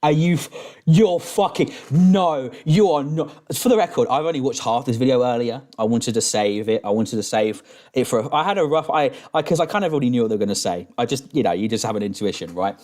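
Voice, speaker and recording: A man's voice: mid-range voice, animated, brisk, darkish tone. A man streaming a reaction who rants angrily, swears constantly and talks in rambling restarts while drinking. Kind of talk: profane reaction rant.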